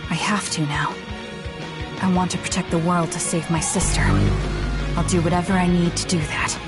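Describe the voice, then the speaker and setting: A woman's voice: on the low side, close to an everyday voice. An actress playing a driven young woman in a game, speaking tensely and with firm resolve. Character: driven young woman set on a grim duty.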